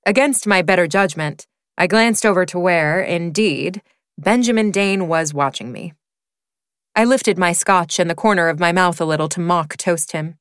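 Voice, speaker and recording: Female reader, wry first-person romance narration, crisp and dry-sounding. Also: lowish voice, normal speed, fairly bright tone, dry recording. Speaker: audiobook reader. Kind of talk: narrating a romance novel excerpt.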